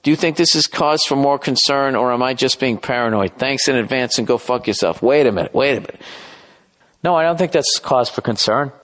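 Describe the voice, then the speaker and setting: A man's voice: medium pitch, brisk, hardly any pauses, fairly bright tone. A middle-aged man hosting a podcast, rambling through a profane, self-deprecating comedic monologue. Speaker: podcast host.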